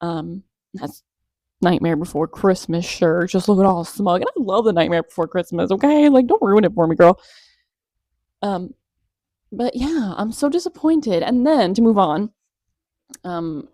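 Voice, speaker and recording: Mellow-voiced woman gossiping on a vlog. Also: medium pitch, no room sound, clean studio sound. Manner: animated, gossipy, sarcastic asides. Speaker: commentary vlogger. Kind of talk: casual chatty commentary.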